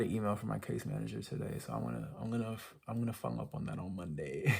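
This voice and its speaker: A young male vlogger rants casually to camera, rambling, swearing and using lots of filler words. His fairly low, darkish voice is creaky with a breathy edge, and he talks fast with hardly any pauses.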